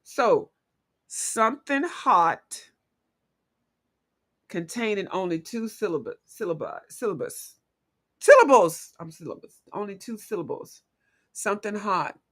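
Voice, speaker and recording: Animated, playful woman streamer. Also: mid-range voice. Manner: animated, playful, quick to laugh. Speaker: livestream host. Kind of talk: casual livestream chat with viewers.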